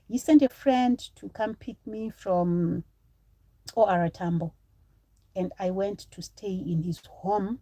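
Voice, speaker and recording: A woman's voice: mid-range voice, takes it slowly, warm tone, no echo, highs cut off. A woman from Zimbabwe in her thirties, chatting on a live stream, telling a personal story to viewers and breaking off to thank supporters.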